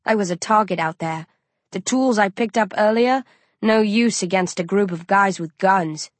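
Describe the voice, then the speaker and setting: A woman's voice: medium pitch, moderate pace, no room sound. Woman narrating a tense first-person story. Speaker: audiobook narrator.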